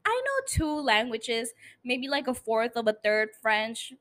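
A tipsy woman with a non-native English accent, hosting a podcast in a blunt, profane, animated casual monologue. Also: on the high side, slow. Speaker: podcast host.

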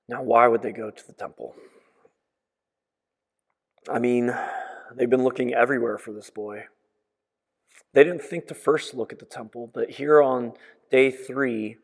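A man preaching a sermon, retelling a story in a reflective way that swings between soft and emphatic. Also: medium pitch, creaky, breathy edge. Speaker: pastor. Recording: long echoing reverb.

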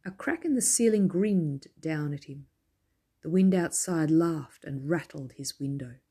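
A woman reads a children's story aloud, gentle and expressive. Her voice is somewhat low and husky, and her tone is mellow rather than bright. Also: unhurried. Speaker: narrator.

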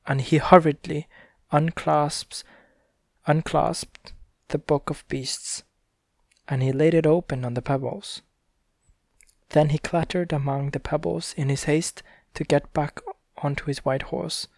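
Gentle man reading a bedtime story. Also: fairly high pitch, no echo, studio quality. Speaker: reader.

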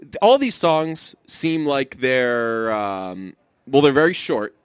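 A man's voice: medium pitch, sing-song, slow, clean tone, no echo. A man in easygoing podcast talk, circling back on himself with restarts and the odd curse. His voice sits mid-range and sounds dry and close, with no room around it. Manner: rambling with frequent restarts and casual swearing. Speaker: podcast co-host. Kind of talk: casual chat.

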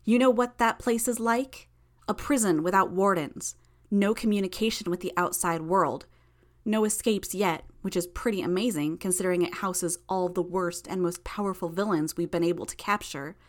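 A woman's voice: on the low side, moderate pace, few pauses, natural voice. A woman acting out a furious, arrogant young superheroine. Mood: threatening. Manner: shouting, threatening, contemptuous.

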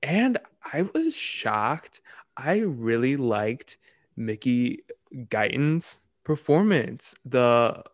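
A young man co-hosting a podcast in casual chat, talking in quick, animated bursts and laughing often. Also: medium pitch, no room sound, clean studio sound. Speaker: podcast co-host.

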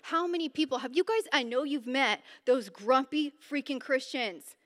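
High bright-voiced lady preaching at bible study, chatty n animated, echoey hall. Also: normal speed. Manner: animated and energetic, with sudden bursts of emphasis; informal and chatty, with fillers and restarts. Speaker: women's Bible study speaker. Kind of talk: conversational sermon. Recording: reverberant hall sound.

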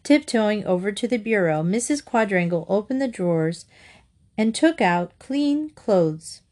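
A woman reading a children's chapter book aloud, narrating in a gentle, even way. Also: medium pitch, measured pace. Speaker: storyteller.

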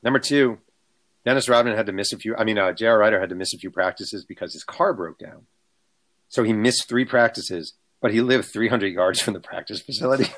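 A man with a somewhat low voice spins anecdotes in relaxed talk. He is an author guest, animated, and slips into the voices of the people in his stories. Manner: animated, acts out quotes. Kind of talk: casual storytelling.

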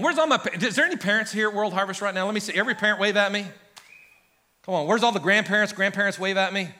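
A middle-aged pastor preaching an animated sermon to his church, calling out to the congregation and building to shouts. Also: high voice. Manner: animated, preaching with rising shouts and audience call-outs. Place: large church sanctuary.

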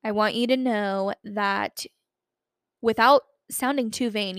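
A woman's voice: medium pitch, steady tone, slow, a bit bright, no echo, clean studio sound. A young woman in her twenties hosting a solo podcast, talking in a chatty, rambling way with lots of fillers. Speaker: podcast host.

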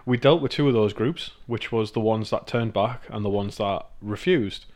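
A man's voice: on the low side, moderate pace, a little mellow, a little hiss or hum. A man from northeast England with a northeast English accent, co-hosting a podcast in casual chat, rambling, swearing and laughing often. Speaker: podcast co-host.

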